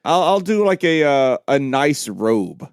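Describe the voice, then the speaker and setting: Halting, joking podcast co-host man. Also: medium pitch, sing-song, smooth, no echo. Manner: hesitant, halting guesses with dry jokes. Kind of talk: casual podcast banter during a guessing game.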